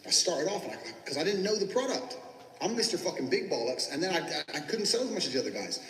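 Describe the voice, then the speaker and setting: A boastful, foul-mouthed man delivers a motivational sales lecture at a rapid clip. His voice rings through a roomy space with a long reverb tail. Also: a little high, very animated, fairly bright tone. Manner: brash, boastful, swears constantly. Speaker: business coach teaching sales. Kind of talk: profane motivational monologue. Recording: echoey room with long reverb.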